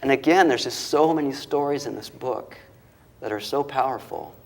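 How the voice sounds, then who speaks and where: A man's voice: medium pitch, moderate pace, darkish tone. A male author and interview guest who retells moving stories, acting out the quoted voices and getting choked up. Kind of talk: emotional storytelling interview.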